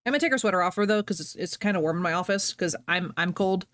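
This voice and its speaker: A woman's voice: fairly low pitch, fast, a bit bright. A woman streamer chatting casually to her viewers from her home office, bubbly, rambling and self-deprecating. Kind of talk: casual live-stream chat.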